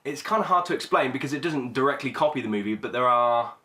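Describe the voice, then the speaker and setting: A man's voice: medium pitch, animated, quick pace, pushed and bright. A man hosting a casual podcast chat, rambling with many fillers and restarts. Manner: rambling, hesitant, lots of fillers. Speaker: podcast host.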